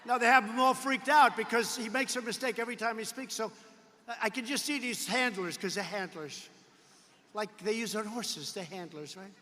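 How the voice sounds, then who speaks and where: A man works a rally crowd in a high, forceful voice, boasting, repeating himself and tossing off mocking asides. He breaks into shouts now and then. His words ring out with the long reverb of a large indoor arena. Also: normal speed, a little hiss or hum. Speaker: politician addressing a campaign rally. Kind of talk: rally speech.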